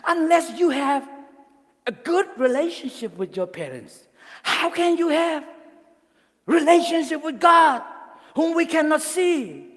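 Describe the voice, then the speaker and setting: A man's voice: extremely high pitch, lively intonation, unhurried, long pauses, fairly bright tone. Earnest man preaching to youth. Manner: earnest, exhorting. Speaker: youth speaker. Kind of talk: youth sermon. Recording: hall reverb.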